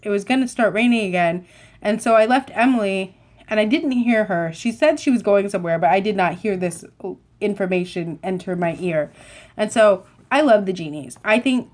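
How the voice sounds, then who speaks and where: A young woman chatting to camera, telling a rambling, animated story full of asides and self-corrections. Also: mid-range voice. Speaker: vlogger.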